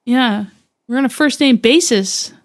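Slow-talking playful woman co-host. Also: a little high. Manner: chatty, quick to laugh, playful. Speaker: podcast co-host. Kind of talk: casual chat.

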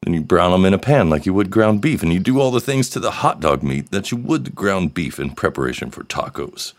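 Deep-voiced man rambling on a solo podcast. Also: big pitch swings, a little fast. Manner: joking, rambling, crude humor. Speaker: podcast host. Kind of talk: solo live podcast chat.

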